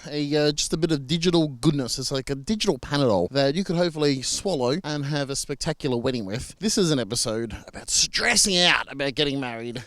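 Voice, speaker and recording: A man's voice: mid-range voice, animated, fast talker, hardly any pauses, fairly bright tone. A man from Australia with an Australian accent, a marriage celebrant talking casually and reassuringly to camera with frequent fillers and restarts.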